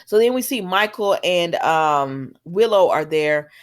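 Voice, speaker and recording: A woman's voice: on the low side, lively intonation, unhurried. A young woman casually recapping a soap episode, chatty and opinionated, acting out the characters' lines as she goes. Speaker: soap opera recap vlogger.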